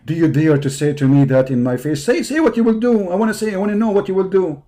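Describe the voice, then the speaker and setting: A hoarse man hosting a live stream, delivering a combative, mocking rant that taunts his opponents. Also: high voice, animated, fairly quick, dark tone. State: hoarse from hours of talking.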